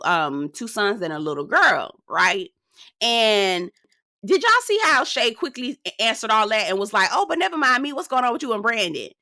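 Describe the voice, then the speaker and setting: A woman's voice: medium pitch, bright, forceful tone, no room sound, studio quality. A woman hosting a casual, sassy recap of a reality show, talking straight to her viewers.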